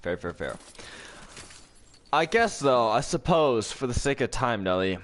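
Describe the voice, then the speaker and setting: A man co-hosting a casual podcast while playing a video game, excitable and laughing a lot. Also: mid-range voice, a little slow, slight background noise. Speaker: podcast co-host. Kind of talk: casual chat while gaming.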